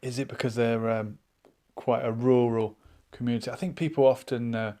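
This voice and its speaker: A man hosting a live online chat show, musing out loud and reading viewers' comments aloud in a casual, thinking-aloud way. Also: mid-range voice, level tone, normal speed. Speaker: livestream chat host.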